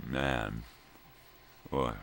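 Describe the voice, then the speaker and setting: A man's voice: very deep voice, steady tone, very slow, vocal fry, a bit bright, slight background noise. An older man rambling casually to viewers from home in the early morning, profane and drifting between thoughts. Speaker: daily vlog host.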